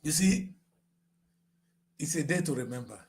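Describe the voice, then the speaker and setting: An older man with a Nigerian English accent delivers impassioned political commentary. His voice sits high and leaps all over the place, dropping to a low, grave tone before rising into shouts. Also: lively intonation, measured pace. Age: 60s.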